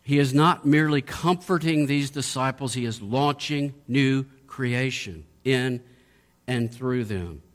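A man's voice: mid-range voice, measured pace. A middle-aged man preaching a sermon, asking strings of rhetorical questions and building to emphatic peaks. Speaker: pastor.

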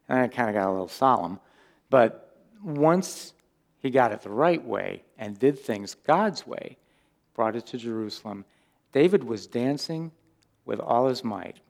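A male pastor gives a relaxed, chatty sermon with a mid-range voice. He keeps things light and humorous and keeps turning to the congregation with questions. His tone stays informal throughout. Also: mid-range voice, gravelly. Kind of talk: conversational sermon.

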